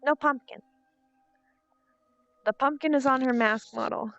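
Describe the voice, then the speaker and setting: A woman's voice: high-pitched, a little slow, fairly bright tone, no echo. A woman streamer chatting casually, narrating to herself what she is doing while she waits for someone. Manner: thinks aloud while waiting, chatty self-narration. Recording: dull lo-fi stream audio with faint music.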